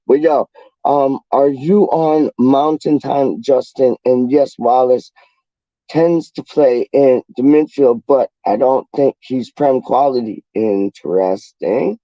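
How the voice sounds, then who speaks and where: A man's voice: medium pitch, fairly even intonation, slow pace, no room sound, muffled recording. A man from the UK hosting a casual livestream, reading out chat in a slangy, rambling, playful way. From United Kingdom.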